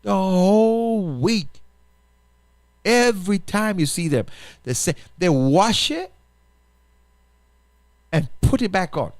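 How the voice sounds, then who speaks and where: Animated man pleading earnestly. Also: high-pitched, slow, pauses often, no room sound. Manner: emphatic, repetitive, rhetorical questions, restarts. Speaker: pastor and radio show host. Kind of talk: impassioned appeal on a talk show.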